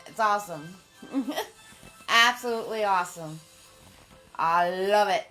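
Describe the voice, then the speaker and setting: A woman's voice: mid-range voice, unhurried, long pauses, pushed and bright, faint music behind. A woman hosting a live painting lesson from her home. She chats with viewers, greets them by name and laughs often. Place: home studio.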